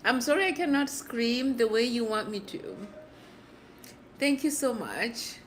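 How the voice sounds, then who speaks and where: A middle-aged woman hosting a casual livestream, chatting playfully with viewers and laughing often, her voice hoarse. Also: a little high, unhurried, a little hiss or hum. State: hoarse from screaming. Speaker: livestream host.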